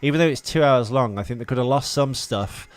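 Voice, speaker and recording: A man's voice: mid-range voice, fairly quick, no room sound. Rambling man chatting about films. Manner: rambling, hesitant, lots of uh and restarts. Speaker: podcast co-host. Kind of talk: casual film chat.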